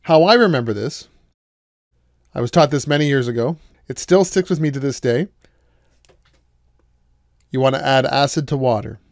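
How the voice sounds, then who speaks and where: A man's voice: mid-range voice, animated, normal speed, pauses often, no echo, studio quality. A man giving a recorded college math lecture, explaining each step patiently and asking the class questions as he goes.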